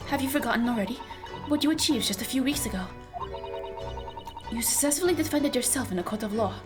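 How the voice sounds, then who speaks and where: A woman's voice: on the high side, lively intonation, fast, over music, lightly acted. A woman voicing a composed, polite young female assistant while reading game dialogue, with a firm, questioning manner.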